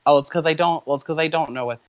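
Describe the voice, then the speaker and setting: A young man reading fanfiction aloud to friends on a call, tripping over creature names and backing up to fix them. His voice is mid-pitched and sounds close and dry, with no room around it. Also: very fast, no room sound, rough recording. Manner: stumbles on names, restarts. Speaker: fanfiction reader. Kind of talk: casual read-aloud with friends.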